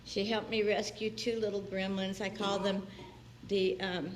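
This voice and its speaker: With little pitch movement, a medium-pitched woman speaks a little slowly. She's a guest minister in a church sanctuary, giving a conversational sermon marked by frequent laughter and impersonations of those she quotes.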